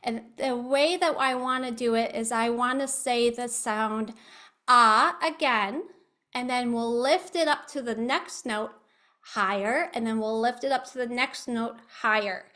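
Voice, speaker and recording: A woman with a high, bright, sharp-edged voice gives an online talk as a speech therapist. She speaks over a video call and walks her listeners step by step through exercises. She stays patient and instructive throughout. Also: measured pace. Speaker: speech-language pathologist. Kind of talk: online educational presentation.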